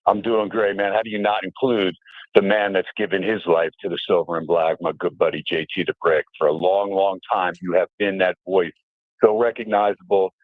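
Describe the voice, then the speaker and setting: Middle-aged radio guest, chatty storyteller, dry and phone-thin. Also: male voice, deep voice, normal speed, no room sound. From New Jersey. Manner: animated storyteller, fillers, mimics voices. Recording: tinny phone-line audio.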